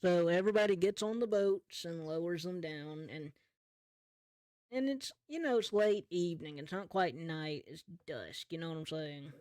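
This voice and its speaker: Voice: medium pitch, normal speed, darkish tone, no echo. Casual GM narrating a pirate adventure, teasing players, dry close mic. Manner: casual, laughing, playful narration. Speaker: game master. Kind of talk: narrating a tabletop game.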